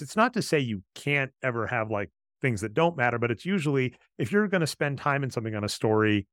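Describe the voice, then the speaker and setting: A man's voice: medium pitch, lively intonation, fast talker, few pauses, fairly bright tone, no room sound, clean studio sound. A man co-hosting a podcast who breaks down film writing in an analytical, explanatory way during casual chat. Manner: analytical, explains storytelling basics. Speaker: podcast co-host.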